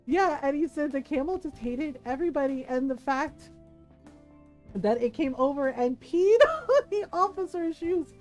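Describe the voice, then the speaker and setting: High-voiced woman streaming a game, rambly storytelling, lots of "like" and "right?", laughs a ton, faint game music behind. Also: animated, normal speed, darkish tone. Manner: chatty storyteller, many "like" and "right?" fillers; laughs often while talking. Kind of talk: casual chat while playing a video game.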